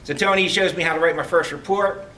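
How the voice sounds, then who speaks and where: A middle-aged man giving a heartfelt farewell speech as a retiring police lieutenant, telling stories with halting restarts. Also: a little high, steady tone, bright, forceful tone. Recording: distant mic, faint background noise.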